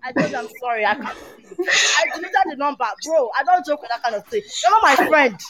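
A woman, chatting on a podcast panel and telling a story in an animated, emphatic way. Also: high voice, fast. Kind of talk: casual chat.

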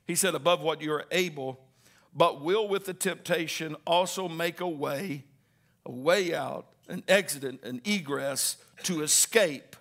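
Male preacher, high ringing voice, call-and-response sermon, builds to shouting. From Southern Indiana.

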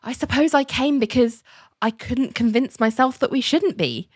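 A woman's voice: on the high side, lively intonation, normal speed, darkish tone, breathy edge, no room sound, voice pushed up. A woman voicing a poised, dry-witted older woman, cool and clipped.

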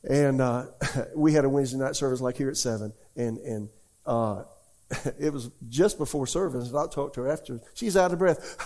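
A middle-aged pastor, talking to his congregation in a loose, folksy way. His voice sits at an everyday pitch with a warm, dark tone, and he tells lively stories full of quick asides. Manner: folksy, animated storytelling with rhetorical questions. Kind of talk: conversational sermon Q&A.

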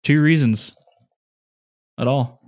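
A man's voice: mid-range voice, takes it slowly, a little mellow. A man hosting a beer podcast in casual chat, laid-back and rambling, swearing offhand. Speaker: podcast host.

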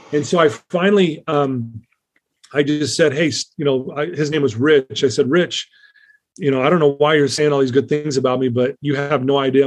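A man as an interview guest, telling a personal story in an earnest, rambling way with many fillers and restarts. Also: mid-range voice.

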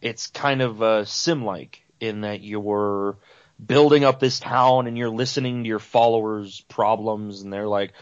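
A man's voice: lowish voice, fairly even intonation, measured pace, dry recording. A man co-hosting a casual podcast, explaining things at length in an easygoing way. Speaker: podcast co-host. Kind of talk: casual chat. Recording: dull, dry lo-fi sound.

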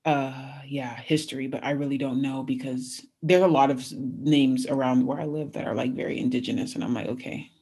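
A young woman from California, a guest in a casual interview, telling animated stories and acting out quotes with laughter. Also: a bass voice, brisk, hardly any pauses, slightly rough. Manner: animated storyteller, acts out quotes, laughs often. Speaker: guest, athlete.

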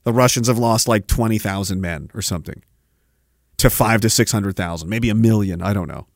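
A man's voice: fairly low pitch, a little fast, no room sound, clean studio sound. A man hosting a podcast, delivering heated, sarcastic political commentary with plenty of swearing. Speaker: podcast host.

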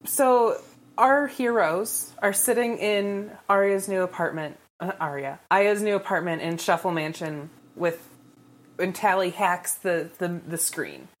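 A woman's voice: fairly low pitch, a little slow. Woman co-host with dry sarcasm. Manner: dry, sarcastic asides, thinks aloud. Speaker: podcast co-host. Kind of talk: casual book discussion chat.

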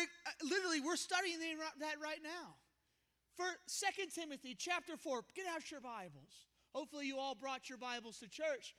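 A young man preaching a sermon as pastor, telling a story with animated, acted-out quotes. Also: very high voice. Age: young adult.

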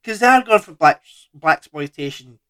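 A man's voice: fairly high pitch, animated, normal speed, sharp tone, smooth. A man co-hosting a podcast, chatting casually about a film in a loose, laid-back way with trailing sentences. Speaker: podcast co-host.

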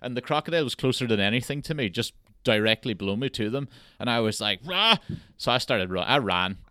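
Swearing, animated male podcast host. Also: medium pitch, quick pace, dry recording, clean studio sound. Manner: animated storyteller, swears freely. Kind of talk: casual chat.

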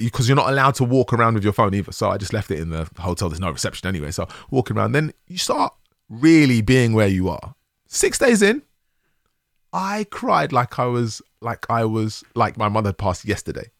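A man hosting a podcast, telling a story in a casual, animated way with bursts of laughter. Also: mid-range voice, fairly quick, no echo, studio quality. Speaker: podcast host.

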